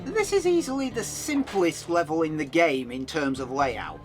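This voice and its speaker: A man's voice: fairly high pitch, big pitch swings, moderate pace. A man narrating a video game review in a scripted voice-over, with wry, chatty asides. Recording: voice-over with faint game music.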